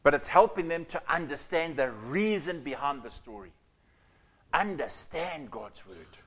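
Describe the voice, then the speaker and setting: A man preaches in a somewhat high voice. He presses points with loud, emphatic lines and then drops to hushed, near-whispered asides. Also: lively intonation, unhurried, husky. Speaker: pastor. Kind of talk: sermon.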